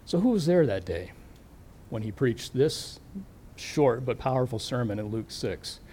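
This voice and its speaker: A middle-aged man preaching a sermon, thoughtful and questioning, slowing down to stress key words. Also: mid-range voice, very animated, warm tone, a little hiss or hum. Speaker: pastor.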